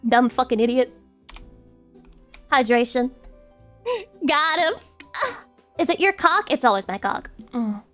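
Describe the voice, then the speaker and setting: Young Southern woman streamer, high voice, faint music underneath, cusses a lot, playful. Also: animated, measured pace, long pauses. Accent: Southern American. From American South. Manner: swears freely, playful and loud with sudden high squeals. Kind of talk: casual stream chat reading viewer messages.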